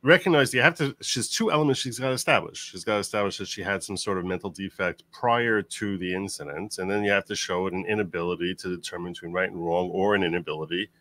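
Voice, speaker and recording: A man's voice: low-pitched, quick pace, few pauses, fairly bright tone. A man commenting on a trial on a live stream, explaining legal points step by step.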